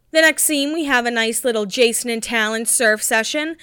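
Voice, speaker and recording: A woman's voice: a little high, fairly quick, few pauses, a bit bright, clear, resonant tone, no room sound, clean studio sound. A woman in her thirties hosting a podcast, chatting casually with giggly asides while getting over a cold. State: has a cold. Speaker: podcast host. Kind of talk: casual recap chat.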